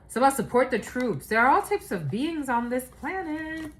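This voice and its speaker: A woman's voice: high voice, very animated, moderate pace, slight background noise, poor audio. A woman giving a casual, rambling channeled reading, loose and profane, laughing often. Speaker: tarot reader.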